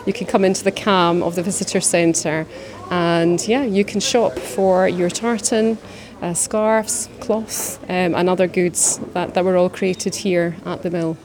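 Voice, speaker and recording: A woman showing visitors around a mill, agreeable and explaining things in a relaxed way. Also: lowish voice, a little slow, a crowd in the background. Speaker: tour guide at a mill. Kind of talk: guided tour interview.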